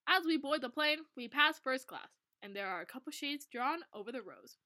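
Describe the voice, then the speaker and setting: Giggly, animated woman reading aloud. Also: sits high, normal speed. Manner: giggly, animated, stumbles over words. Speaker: reader of an old fanfic. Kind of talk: reading aloud between banter.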